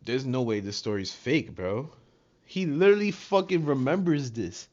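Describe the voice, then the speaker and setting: A man's voice: mid-range voice, animated, normal speed, darkish tone. Man reacting on a livestream, emphatic and casual, heard through slightly dull audio. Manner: emphatic, keeps repeating "bro".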